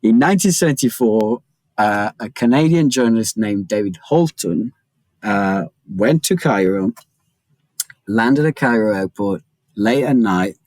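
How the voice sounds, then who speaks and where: Guy guest on a podcast spinning a story, lowish voice, dry close sound. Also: a little slow, no room sound, poor audio. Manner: animated, chatty storyteller peppering talk with "like". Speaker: journalist and author, guest.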